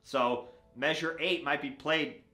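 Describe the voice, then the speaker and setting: A man teaching a beginner banjo lesson in a relaxed, step-by-step way, often checking in with "right?". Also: on the high side, slow pace. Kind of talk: casual instructional talk. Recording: echoey room with loud banjo. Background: banjo playing.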